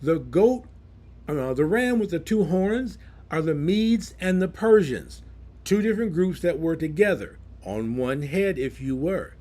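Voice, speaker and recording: A male preacher with a fairly high voice and a lively, rising-and-falling delivery. He teaches through scripture verse by verse and explains each passage plainly for his congregation. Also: unhurried. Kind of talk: Bible teaching sermon.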